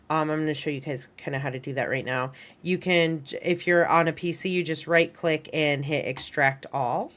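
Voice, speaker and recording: A woman's voice: on the low side, fairly bright tone. A woman teaching an online animation class, walking students through files on her screen in a chatty, informal way. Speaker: animation instructor.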